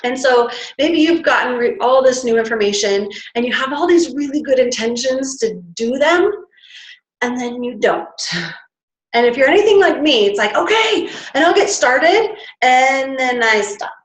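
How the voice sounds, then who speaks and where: A woman's voice: sits high, animated, normal speed, echoey room, low-quality recording. A woman giving a chatty motivational talk to a live audience, demonstrating breathing with sighs. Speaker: wellness workshop presenter. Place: standing before an audience in a room.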